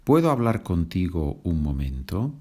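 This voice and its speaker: A man with a Spanish accent, teaching a Spanish lesson in a slow and patient way and moving between example sentences and explanations. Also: deep voice, very animated, mellow. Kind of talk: language lesson podcast.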